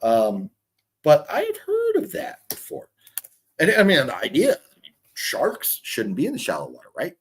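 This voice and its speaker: A man's voice: on the high side, huge pitch swings, measured pace, a little hiss or hum. A man in his fifties hosting a casual livestream, rambling and swearing as he reads chat comments. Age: 50s. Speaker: livestream host. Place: hotel room.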